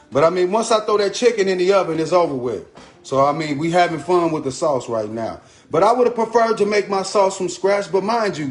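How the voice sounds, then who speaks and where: A man's voice: on the high side, darkish tone. Chatty man cooking in an echoey kitchen. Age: adult. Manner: loose and chatty, repeats a catchphrase, greets commenters. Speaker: home cooking host. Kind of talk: casual live cooking stream, chatting to viewers. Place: home kitchen.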